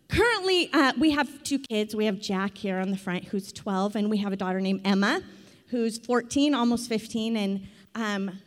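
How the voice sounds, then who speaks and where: Chatty woman preaching in a reverberant sanctuary. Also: on the high side. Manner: chatty, self-deprecating storyteller with lively quoted asides. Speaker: pastor's wife preaching. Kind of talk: conversational sermon. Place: church sanctuary. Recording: long hall reverb.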